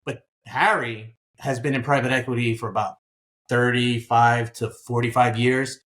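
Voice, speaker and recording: A man from Queens, New York, with a mid-range voice and moderate pace, is a guest in a conversational interview and a business buyer. He's an animated storyteller who acts out the dialogue.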